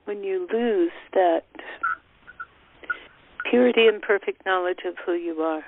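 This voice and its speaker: A woman hosting a spiritual teleconference, calmly guiding a breathing meditation and relaying a teacher's words. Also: mid-range voice. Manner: calm, slow instructions relaying a teacher's words. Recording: tinny phone line.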